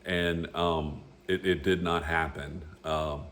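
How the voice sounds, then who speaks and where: A man with a very deep voice shares a personal faith testimony in an earnest, unpolished way. He wanders and restarts as he talks. He sounds middle-aged and speaks like he is chatting with a friend. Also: steady tone, takes it slowly, a bit bright. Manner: rambling and earnest, with frequent restarts. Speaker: storyteller sharing a faith testimony. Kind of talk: casual spoken testimony.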